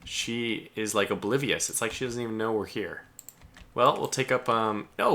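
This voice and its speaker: A man giving live gameplay commentary as a streamer, chatty and excitable, talking aloud to the ships he commands. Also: on the low side, normal speed.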